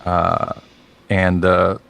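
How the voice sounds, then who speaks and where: A man with a very low voice and a gravelly edge, speaking as a guest over a video call. He talks in a dry, matter-of-fact way, with plenty of small fillers between thoughts. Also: completely flat delivery, drawn-out words, a bit bright. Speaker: podcast guest, trainer. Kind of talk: casual chat.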